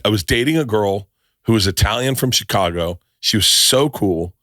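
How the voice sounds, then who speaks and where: Middle-aged man, animated profane storyteller. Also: fairly low pitch, moderate pace, no room sound, clean studio sound. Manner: animated storyteller, swears freely, restarts sentences. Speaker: podcast host. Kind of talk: casual chat.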